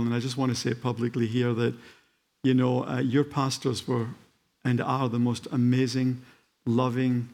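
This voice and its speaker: An older man with a faint Scottish accent, preaching a sermon as a guest in a church, halting with fillers and then rising to fervent emphasis. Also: mid-range voice, creaky, a little mellow. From Scotland.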